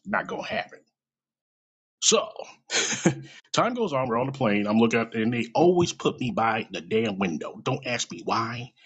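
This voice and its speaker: A man's voice: medium pitch, fairly bright tone, breathy edge. A man in his thirties telling a casual personal anecdote, swearing freely and laughing often, with a dull lo-fi sound. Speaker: storyteller.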